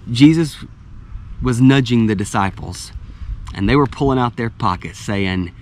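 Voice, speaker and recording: A middle-aged man delivers a sermon in a relaxed, conversational style, often repeating words as he restarts phrases. His voice sits at an ordinary pitch for a man. A faint hum of noise stays in the background. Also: measured pace. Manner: conversational, with frequent restarts and light laughs. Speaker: pastor.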